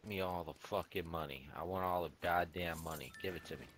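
A man's voice: low-pitched, fairly quick, fairly bright tone, a little hiss or hum. A man playing a demanding, cursing bank robber in a game voice chat. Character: gruff male bank robber.

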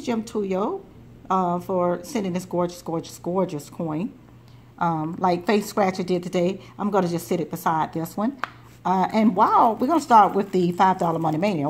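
A woman's voice: medium pitch, slight background noise. Chatty woman scratching lottery tickets. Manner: chatty, rambling, repeats words. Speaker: lottery scratch-off channel host. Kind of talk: casual chat while scratching tickets.

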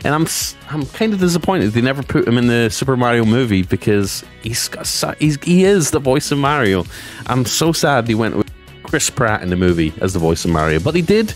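A man presenting a casual gaming news vlog. He rambles excitedly, with lots of restarts and side remarks, and his pace swings between fast and slow. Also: medium pitch, faint music behind. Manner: chatty and rambling, with frequent restarts and asides.

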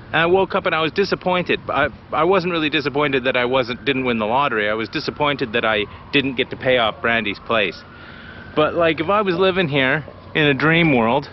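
A blunt, excitable man talks to the camera on a casual outdoor walk and swears freely. The audio is a little dull, with faint outdoor noise behind him. He has a mid-range voice. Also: medium pitch. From British Columbia, Canada. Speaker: vlogger. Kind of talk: casual walking vlog. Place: outdoors by a city beach.

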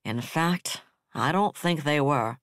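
A man voicing a bitter, level-headed male defense director who speaks flatly and harshly. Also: on the high side, slow, dry recording, studio quality.

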